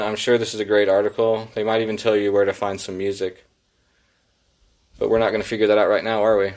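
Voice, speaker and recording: A man hosting a solo podcast, reading headlines and riffing on them in a sarcastic, profane, rambling way. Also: fairly low pitch. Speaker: podcast host.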